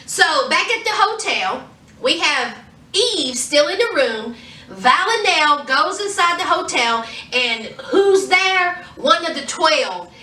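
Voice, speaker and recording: A woman casually recapping a TV episode for her vlog, telling the story in an animated way and acting out the characters' lines. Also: high voice, slow. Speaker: TV show reviewer. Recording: roomy echo, distant from mic.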